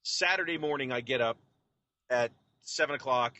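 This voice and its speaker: Bright-voiced man telling stories. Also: medium pitch, moderate pace, dull audio. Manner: animated, repetitive storyteller. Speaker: podcast co-host. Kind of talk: casual chat. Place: home office.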